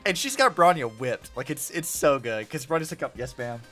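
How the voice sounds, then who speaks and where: A young man chatting casually while playing a game, with lots of fillers and quick asides. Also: on the high side. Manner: chatty, animated, many likes and fillers. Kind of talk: casual gameplay commentary. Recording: faint music behind. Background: faint game music.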